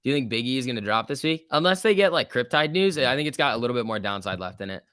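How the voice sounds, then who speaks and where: A man's voice: mid-range voice, expressive, quick pace, fairly bright tone, smooth, no room sound, studio quality. A man hosting a stock trading livestream, talking casually about the market and answering viewer questions in a loose, filler-heavy way. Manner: loose and chatty, with many fillers like "like" and "um"; reads viewer questions aloud and answers them. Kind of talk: casual live market commentary, answering chat.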